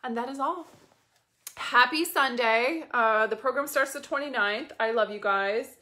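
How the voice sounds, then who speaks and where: A woman coach talking casually and bluntly to her viewers, swearing freely and in an animated way. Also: on the high side, unhurried. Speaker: business coach. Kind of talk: casual motivational talk to viewers.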